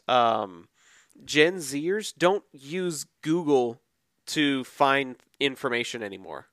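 A man co-hosting a podcast in casual chat, measured and thoughtful with some hesitations. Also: mid-range voice, fairly bright tone, no room sound. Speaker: podcast co-host.

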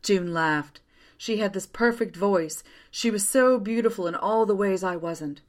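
A woman narrating a first-person story aloud in a quiet, steady way. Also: medium pitch, a little slow.

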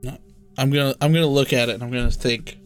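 A man playing a tabletop game, talking in a dry, deadpan way. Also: mid-range voice, fast talker, soft background music. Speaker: player. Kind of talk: casual tabletop role-play.

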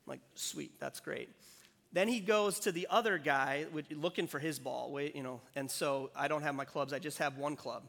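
A man's voice: a little high, fairly bright tone. Man preaching with a conversational, storytelling manner. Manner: conversational, self-deprecating storytelling. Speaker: pastor. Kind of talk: sermon with a personal story. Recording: long hall reverb.

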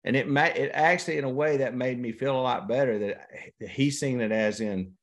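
Speaking a little fast at a medium pitch, a man in his 50s shares stories as a guest on a casual interview. He's a professional angler with a drawling, folksy way of telling them, and he quotes others in conversation.

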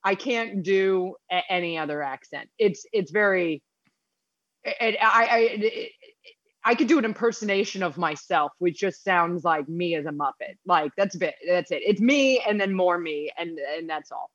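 A woman chatting as an interview guest, self-deprecating and full of halting restarts. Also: lowish voice, fairly bright tone, no echo, lo-fi sound. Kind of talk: casual interview chat.

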